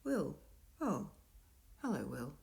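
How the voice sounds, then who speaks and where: A woman voicing a dazed young boy who speaks flatly and quietly. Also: deep voice, takes it slowly, gravelly, full character voice. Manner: flat, quiet and soft-spoken.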